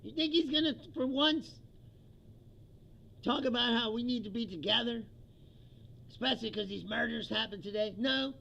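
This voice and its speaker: Man, livestream host, political rant, profane and mocking, high-pitched, raspy fry, dull lo-fi audio. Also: moderate pace, long pauses, bright, forceful tone, a little hiss or hum. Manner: profane, mocking, laughs often, mimics quotes.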